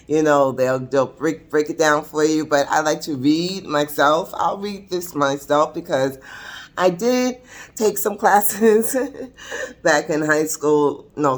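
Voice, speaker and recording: A woman in her sixties telling her own story to camera in a chatty, confiding way, often laughing mid-sentence. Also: low-pitched. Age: 60s. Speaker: vlogger. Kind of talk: casual personal storytelling to camera. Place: seated at a table indoors.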